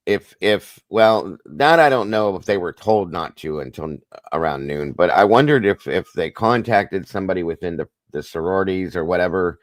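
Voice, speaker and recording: Very deep-voiced man hosting a live chat. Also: lively intonation, moderate pace, no echo. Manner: chatty, joking, greets viewers by name. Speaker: livestream co-host. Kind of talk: casual morning livestream chat.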